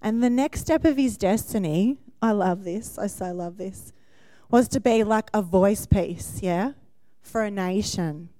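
With a mid-range voice that runs a little slow, a woman in her forties delivers a sermon as if chatting, warm and laughing, often checking in with "yeah?" There's no room sound.

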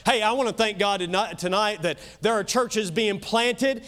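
Preaching a sermon, this Kentucky-accented male pastor is emphatic, shifting between loud and soft passages with quick asides. He has a high voice.

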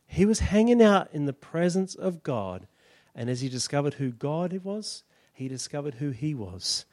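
Male preacher, high voice, animated sermon storytelling. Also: moderate pace, no room sound, clean studio sound. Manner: animated storytelling, acting out characters.

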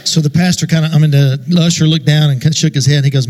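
A man's voice: fairly high pitch, fairly even intonation, fast, background noise. A man preaching a church sermon in a folksy, loose way, with fillers and amens. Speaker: guest preacher. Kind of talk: sermon with a told joke. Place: church sanctuary.

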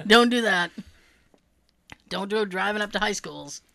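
A woman co-hosting a casual chat, animated and sarcastic, laughing often. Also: medium pitch, a little slow, gravelly. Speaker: podcast co-host.

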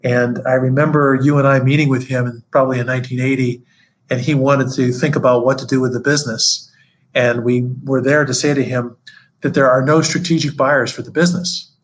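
A man's voice: mid-range voice, little pitch movement, fairly quick, slight background noise, poor audio. An older man, interviewer and former colleague, reminiscing in conversation and telling stories. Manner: storytelling, acts out quotes.

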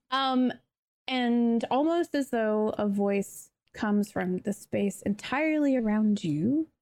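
A woman's voice: fairly high pitch, animated, very slow, a little mellow. A woman running a tabletop role-playing game, narrating the scene in a chatty way with many fillers. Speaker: game master.

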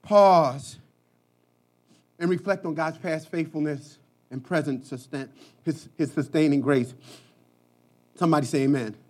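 A male pastor preaching an impassioned sermon, moving between shouted cries and hushed, quiet passages. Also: on the high side, fairly even intonation, measured pace, pauses often.

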